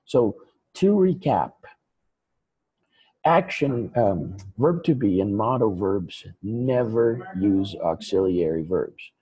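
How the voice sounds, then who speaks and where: Slow, patient male English teacher. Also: on the low side, animated, dark tone, lo-fi sound. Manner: slow, patient, repeats points with example sentences. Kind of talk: explaining grammar in a lesson.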